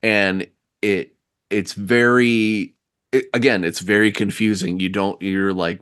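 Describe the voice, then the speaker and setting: A man narrating a tabletop role-playing scene as game master, describing it slowly with restarts. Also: on the low side, steady tone, fairly bright tone, smooth, no echo, clean studio sound.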